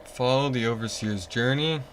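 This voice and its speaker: A man's voice: medium pitch, moderate pace, slight background noise. A young man streaming a video game, rambling and easily exasperated, sleepy and yawning as he complains. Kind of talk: casual live-stream commentary.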